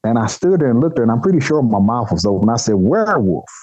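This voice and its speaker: A man telling a story as a podcast guest, in a blunt, colloquial, animated way, acting out the other people's lines. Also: medium pitch, racing, no echo, lo-fi sound. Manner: animated, acts out dialogue in other voices; colloquial, blunt, swears casually. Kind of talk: storytelling anecdote.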